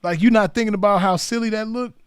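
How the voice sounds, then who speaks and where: A man's voice: high-pitched, fairly even intonation, quick pace, clean tone, dry recording, clean studio sound. A man in a casual monologue to the camera, mocking someone in laid-back, profane street slang, filling his talk with "man" and "you know what I mean". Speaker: commentator.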